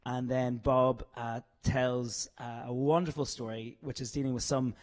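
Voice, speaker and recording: A man's voice: mid-range voice, flat delivery, measured pace, a little mellow. A man with a Northern Irish accent chatting casually in an interview, jokey and self-deprecating, chuckling often. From Northern Ireland.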